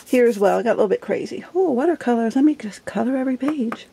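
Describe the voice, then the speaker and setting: A woman's voice: fairly high pitch, animated, fast talker, creaky, warm tone, slight background noise. A middle-aged woman chatting casually while flipping through her journal, giggly and self-deprecating. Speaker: journal vlogger. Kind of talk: casual show-and-tell chat.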